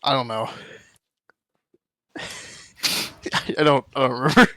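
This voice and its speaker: A man's voice: medium pitch, unhurried, fairly bright tone, no room sound, studio quality. A tired man co-hosting a podcast in casual chat, often stumbling over his words. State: exhausted.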